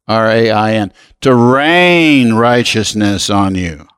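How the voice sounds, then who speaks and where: A man preaching a sermon as pastor, slow and emphatic, asking the congregation to repeat phrases with him. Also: medium pitch, expressive, clean tone, in a large hall.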